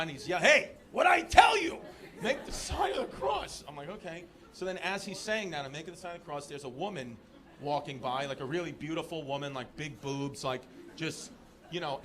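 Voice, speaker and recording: Loud high-voiced comedian from Queens. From Queens, New York. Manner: loud, animated crowd work with shouted punchlines. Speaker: stand-up comedian. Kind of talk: stand-up comedy set. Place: comedy club stage. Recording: live club crowd laughing.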